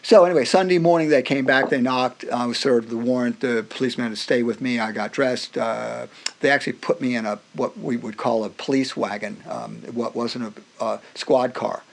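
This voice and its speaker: A middle-aged man, a music professor guest on a podcast, telling personal stories in an animated way, acting out other people's voices and often restarting his sentences. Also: mid-range voice, normal speed, creaky. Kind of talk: personal storytelling in a conversation.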